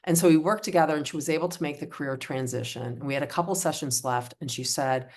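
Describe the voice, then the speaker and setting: Low-voiced upbeat woman workshop presenter. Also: fast talker, hardly any pauses, darkish tone. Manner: upbeat, encouraging, conversational. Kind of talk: live online workshop talk.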